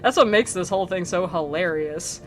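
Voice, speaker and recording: A woman's voice: lowish voice, moderate pace, a little hiss or hum. A young woman streaming, chatting casually and comically about an old poem, giggling and slipping into silly character voices. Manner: bubbly, giggly, full of likes, acts out characters in silly voices. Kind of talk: casual comedic chat about a classic poem. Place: home streaming setup.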